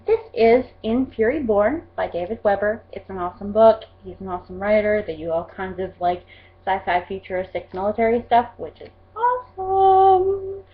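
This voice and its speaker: A woman's voice: medium pitch, fairly quick. Young woman, rural Oklahoma accent, casual upbeat vlog delivery, mid-range voice, slightly muffled home recording. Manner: chatty and upbeat, reads a list word by word. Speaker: vlogger.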